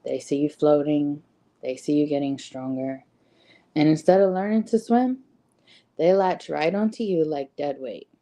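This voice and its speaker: A woman's voice: deep voice, unhurried, dark tone. A woman giving a casual motivational talk, conversational, with frequent ums and rhetorical "right?" questions. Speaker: host.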